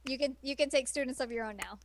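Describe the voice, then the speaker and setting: A woman's voice: high voice, quick pace, no echo. A woman co-hosting a podcast, chatting eagerly and rambling with fillers. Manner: enthusiastic, rambling, laughs often. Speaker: podcast co-host. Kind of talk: casual chat.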